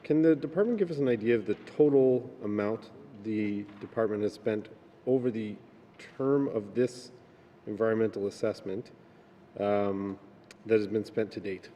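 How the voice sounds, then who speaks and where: A man speaking as a legislator, asking a minister measured questions, with frequent pauses and fillers. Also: fairly low pitch, mellow. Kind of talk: committee questioning. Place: legislative chamber. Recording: long reverb of a chamber, faint noise.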